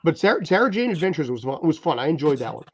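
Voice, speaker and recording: A man's voice: fairly high pitch, very animated, very fast, no echo. A man co-hosting a casual film podcast, talking enthusiastically and repeating his words as he goes. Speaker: podcast co-host. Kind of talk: casual panel chat. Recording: dull lo-fi sound.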